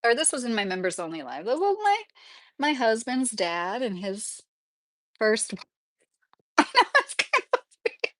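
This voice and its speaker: Rambly woman from kentucky on a livestream, kinda high voice, laughs a lot, dry sound. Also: wildly swooping pitch, unhurried, long pauses, fairly bright tone, no room sound. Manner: rambling, laughs often, self-correcting. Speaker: livestream host. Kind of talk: casual livestream chat reading comments.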